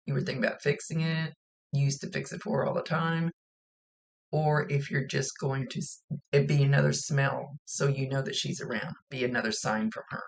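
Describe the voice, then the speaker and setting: A woman's voice: a bass voice, steady tone, moderate pace, creaky. A woman psychic medium giving a reading, chatting plainly as she relays spirit messages. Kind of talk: recorded psychic reading monologue.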